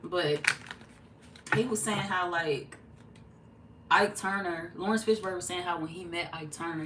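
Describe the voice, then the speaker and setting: A woman, streaming a tarot reading and chatting casually, telling animated stories and cussing freely. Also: deep voice, recorded from a distance. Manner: animated storyteller, cussing freely, acting out quotes. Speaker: tarot reader streaming live. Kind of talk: casual livestream chat. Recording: echoey room, off-mic, faint hum.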